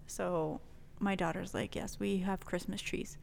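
Animated woman telling a story, reverberant. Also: fairly low pitch, a little slow, vocal fry, a little hiss or hum. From New Mexico. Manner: animated, swears freely, laughs often. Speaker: podcast guest telling a story. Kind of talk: casual storytelling.

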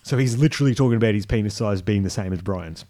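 A man's voice: lowish voice, quick pace, warm tone. A man co-hosting a podcast, giving dry, graphic commentary on a clip with short laughs. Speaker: podcast co-host. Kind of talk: casual reaction chat.

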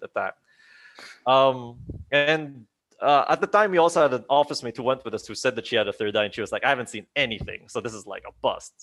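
A young man tells a spooky story to a group of friends, his voice sitting at an ordinary middle pitch. He talks casually, keeps throwing in "like", restarts his sentences, and slips into other voices to act out what people said. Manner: animated, acts out quoted voices, many likes and restarts. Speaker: storyteller on a group chat show.

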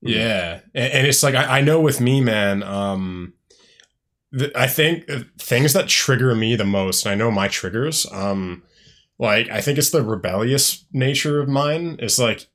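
A man hosting a casual talk, speaking in a reflective, halting way with many fillers. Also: mid-range voice, lively intonation, a bit bright. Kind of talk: casual conversation.

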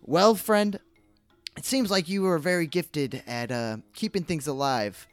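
A man playing a brisk adventurer who is shopping for poison, speaking in a smooth-talking, sly way. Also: on the high side, no echo, faint music behind, voice pushed up, natural voice.

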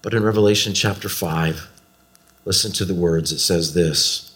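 Guy in his 40s preaching, tells stories w/ big swoops in pitch, really animated. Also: moderate pace. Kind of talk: storytelling sermon.

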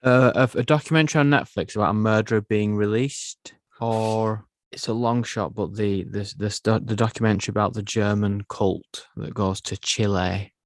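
A man's voice: lowish voice, steady tone, moderate pace, few pauses, no room sound, studio quality. A man co-hosting a movie and TV podcast, chatting casually and playfully with his co-host. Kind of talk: casual chat.

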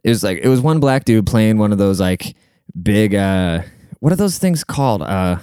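A man's voice: on the low side, lively intonation, moderate pace, mellow, clean tone, no echo, clean studio sound. A young man ranting casually, profane, sarcastic and rambling, stopping to look things up as he talks. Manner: looks things up mid-talk. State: short of breath at times. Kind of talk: casual rant.

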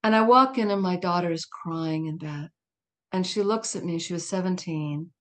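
A woman's voice: lowish voice, moderate pace, a bit bright. A middle-aged woman speaking as a guest in an interview, telling a personal story in a candid, emphatic way with laughs and asides.

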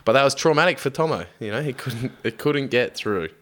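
A man's voice: medium pitch, lively intonation, a little fast, a bit bright. An Australian man, a young adult, swearing freely and telling stories animatedly in casual chat.

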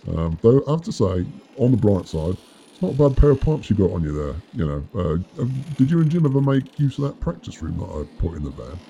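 A man's voice: lowish voice, sing-song, brisk, vocal fry, mellow, lo-fi sound, slight background noise. A man voicing an upbeat, chatty captive mechanic who rambles and stammers in a friendly way.

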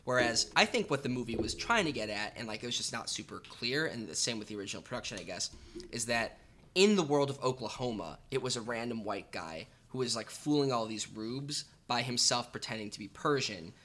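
Young guy cohost, bright voice, rambly, says like a ton. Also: mid-range voice, animated. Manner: rapid, restarts, many "like"s. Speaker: podcast co-host. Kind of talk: casual theater review chat.

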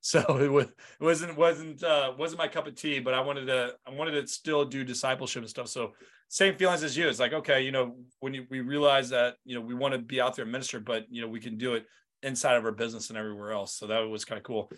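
A man's voice: medium pitch, quick pace. A man hosting a podcast, chatting casually and asking his guest follow-up questions. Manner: relaxed, conversational, asks follow-up questions. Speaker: podcast host. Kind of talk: casual chat.

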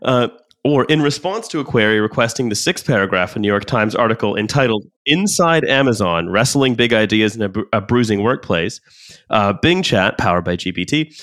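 A man's voice: on the low side, lively intonation, a little fast, fairly bright tone, no room sound. A man hosting a casual podcast chat who reads out legal text and often restarts his sentences. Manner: hesitant, many restarts and fillers. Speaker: podcast host.

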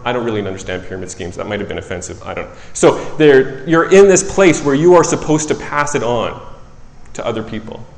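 A man preaching a sermon in a relaxed, conversational way, who often corrects himself and tells stories from his work as a child psychologist. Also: medium pitch. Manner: conversational, self-correcting, animated storytelling. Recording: echoey hall with long reverb.

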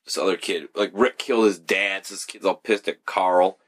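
A man's voice: sits low, fairly even intonation, normal speed. A young man in casual, rambling chat, swearing freely and laughing often.

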